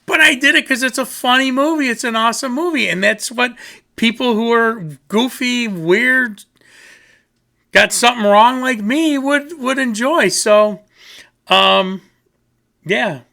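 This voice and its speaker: Bright-voiced rambling man. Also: very high-pitched, a little slow, creaky. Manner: rambling, goofy, self-mocking. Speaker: music reviewer. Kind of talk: casual rambling video talk.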